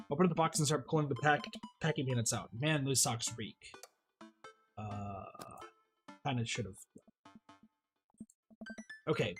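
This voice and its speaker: A streamer playing a dating game, reading the dad's lines aloud with playful joking asides. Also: mid-range voice. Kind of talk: let's play with read-aloud dialogue and jokes.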